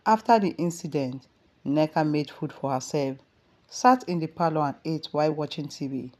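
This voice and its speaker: A woman with a Nigerian accent narrating a dramatic family story in a steady storytelling voice. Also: low-pitched, normal speed.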